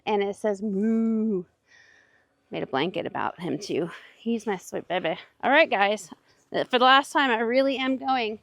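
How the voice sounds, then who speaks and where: A woman's voice: medium pitch, no echo. A woman chatting casually on a vlog tour of her farm's chicken coop outdoors, talking sweetly to her hens and a bit out of breath. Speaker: farm owner showing her chicken coop. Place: outdoors at a farm.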